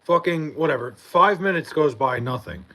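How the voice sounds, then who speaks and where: A man's voice: on the high side, lively intonation, normal speed, pushed and bright, rough recording. A tired young man livestreaming from his bedroom late at night, swearing and rambling about something that annoyed him. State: tired, just woken up.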